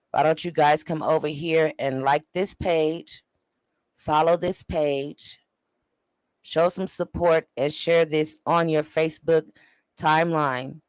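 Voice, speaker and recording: A man's voice: on the high side, smooth, no room sound, rough recording. A man in his forties hosting a show, making emotional, preacher-like appeals to his viewers. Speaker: show host. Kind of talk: livestream commentary.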